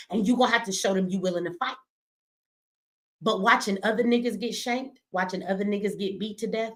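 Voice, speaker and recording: A middle-aged woman giving blunt, profane, impassioned commentary on a livestream, preaching at her audience. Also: mid-range voice. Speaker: streamer and commentator.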